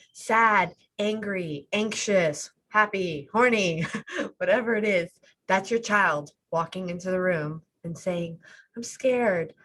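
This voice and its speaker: Husky-voiced woman life coach. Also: lowish voice, fairly bright tone, poor audio. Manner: explains with metaphors, acts out quoted voices. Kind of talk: podcast interview over video call.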